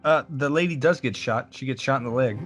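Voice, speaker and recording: A man with a middle-pitched voice chatting on a casual podcast. He cuts in with short, blunt remarks delivered flatly. His tone stays casual throughout. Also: a little fast, faint music behind. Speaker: podcast co-host. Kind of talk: casual chat.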